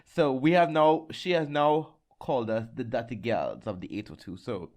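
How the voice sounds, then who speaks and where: A man's voice: mid-range voice, moderate pace, a little mellow. A man co-hosting a casual podcast from home, sassy and dramatic, swearing freely and joking with his co-host. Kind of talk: casual chat. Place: home room with an open window.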